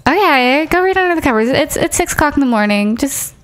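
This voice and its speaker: A young woman chatting casually as she streams a life-simulation game, excitably telling her characters what to do. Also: high voice, quick pace. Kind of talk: casual gameplay commentary.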